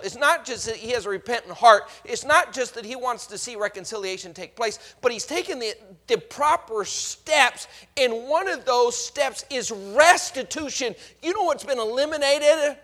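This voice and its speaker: A man preaching a sermon in a dramatic way, swinging from loud to hushed and acting out the voices he quotes. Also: very high-pitched, animated, normal speed.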